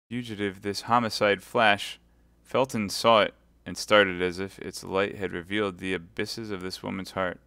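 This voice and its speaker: A man reading a classic novel aloud live, in a measured, expressive way. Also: fairly low pitch, clear, resonant tone, dry recording, studio quality. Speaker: audiobook reader.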